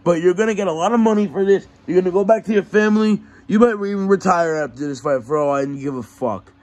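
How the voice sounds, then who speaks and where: A man plays a brash young underdog fighter who boasts loudly and fast at a mock fight press conference. His voice is raised and higher than the performer's own. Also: close to an everyday voice. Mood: boastful. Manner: loud, boastful trash talk.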